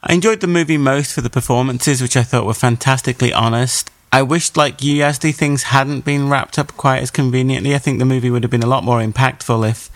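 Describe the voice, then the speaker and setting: A man's voice: mid-range voice, steady tone, a little fast, hardly any pauses, dry recording. A man gives his take on a film in a casual podcast chat. He jokes and teases his co-hosts and laughs easily. His voice is recorded close and dry, with no room sound. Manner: jokey, laughs often, teasing. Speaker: podcast co-host, film reviewer.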